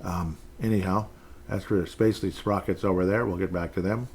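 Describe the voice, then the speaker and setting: A man's voice: low-pitched, fairly even intonation, brisk, darkish tone, slight background noise. A man hosting a solo sports podcast, rambling casually with jokey, self-deprecating asides. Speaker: podcast host.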